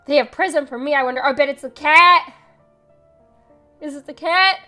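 A young woman streaming a horror game live, chatty and excitable, reading the game text aloud and jumping to loud yelps. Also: sits high, measured pace, soft background music.

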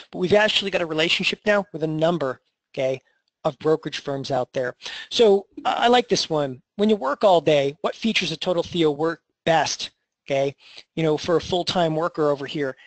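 A man hosting an online trading webinar, pitching a program and answering questions in an energetic sales manner, often tagging his points with "okay?". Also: a little fast, dry recording, poor audio.

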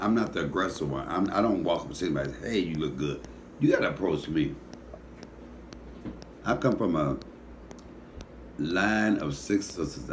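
Man, comedian, low-pitched voice, casual comic storytelling, profane, teasing. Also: darkish tone, a little hiss or hum.

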